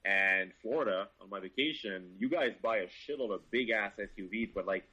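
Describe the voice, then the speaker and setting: A man's voice: fairly low pitch, fairly quick, sharp tone, slightly rough, highs cut off. A Canadian car reviewer, a man, chatting casually and with enthusiasm, swearing freely. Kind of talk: casual chat.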